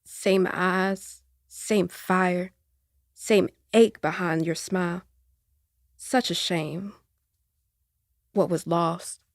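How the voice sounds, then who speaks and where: An actress with an Appalachian accent playing an elderly aunt who sees the future, speaking in a slow, soft, folksy drawl. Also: female voice, medium pitch, dry recording, clean studio sound, lightly acted. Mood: tender sorrow. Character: elderly Appalachian aunt, seer, gentle and weary. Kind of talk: audio drama acting.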